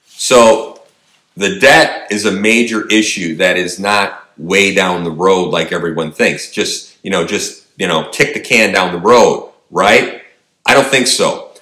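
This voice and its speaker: A man's voice: fairly low pitch, sharp tone, echoey room. A man delivering an emphatic opinion monologue, firing rhetorical questions at his audience. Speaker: political commentator.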